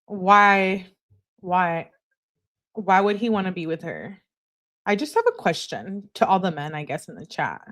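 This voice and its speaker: A woman's voice: fairly low pitch, sing-song, a little slow, fairly bright tone. Blunt chatty woman streamer. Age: adult. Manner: blunt, chatty, talks to the chat. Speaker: true-crime commentary streamer. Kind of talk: casual live commentary, reading messages aloud.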